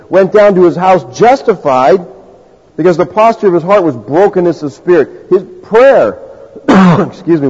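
A man's voice: on the high side, darkish tone, breathy edge. A man preaching a sermon to a congregation, talking in a conversational way and acting out the people he quotes. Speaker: pastor. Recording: lo-fi recording with long reverb in a hall.

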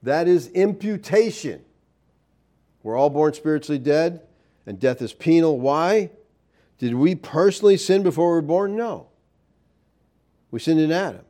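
A man's voice: on the high side, expressive, unhurried, long pauses, warm tone. A man preaching a sermon, emphatic, with many rhetorical questions and scripture read aloud. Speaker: pastor.

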